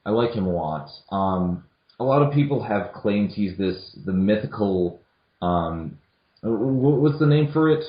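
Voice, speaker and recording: Young male co-host, lowish voice, hesitant casual delivery, echoey lo-fi room. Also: expressive, unhurried. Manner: hesitant, many restarts and fillers. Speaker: podcast co-host. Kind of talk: casual film discussion. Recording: echoey room, dull lo-fi audio.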